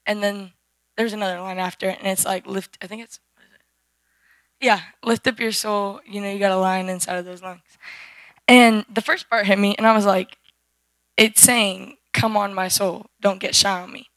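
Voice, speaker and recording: A teenage girl gives a personal testimony in church, her voice hoarse and worn out. She rambles, circling back with fillers and restarts as she speaks into a handheld mic. The sound is dry and close. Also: medium pitch, steady tone, moderate pace, fairly bright tone, no echo. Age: teens. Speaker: youth group member giving testimony. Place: church service. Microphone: handheld microphone.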